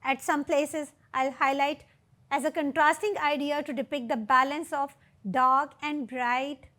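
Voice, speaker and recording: A woman giving a literature lecture, explaining poetic devices and reading verse aloud with deliberate emphasis. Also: high voice, steady tone, pushed and bright. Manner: explains terms and asks rhetorical questions.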